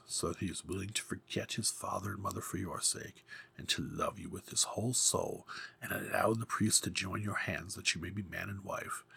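A man voicing a scheming old female sea witch in a hoarse, menacing whisper. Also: low voice, sharp tone, exaggerated voice. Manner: sly, menacing.

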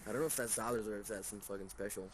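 A man's voice: on the low side, steady tone, rapid-fire, a little hiss or hum. A man co-hosting a casual chat, crude and joking, often laughing at what he reads. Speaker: co-host.

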